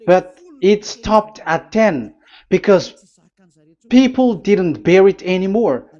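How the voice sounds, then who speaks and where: Man, sermon, higher voice, emphatic questions, dull lo-fi sound. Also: lively intonation, slow, mellow. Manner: emphatic, rhetorical questions, frequent fillers. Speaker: preacher. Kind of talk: sermon with scripture reading. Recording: slightly dull lo-fi audio.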